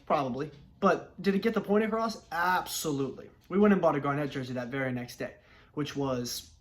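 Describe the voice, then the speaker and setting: A young man from Los Angeles telling a personal story in a lively, chatty vlog. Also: on the high side. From Los Angeles, United States. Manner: lively, chatty, acts out family dialogue. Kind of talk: casual storytelling.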